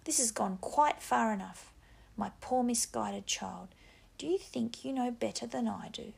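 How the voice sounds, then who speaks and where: Sneering schoolmasterly pig's head on a stick, as a woman puts it on, whispered reading, heavy fry. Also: fairly high pitch, a little slow, darkish tone, full character voice. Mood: threatening. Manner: taunting, patronizing, rising to angry threats. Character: menacing talking pig's head, mocking schoolmaster.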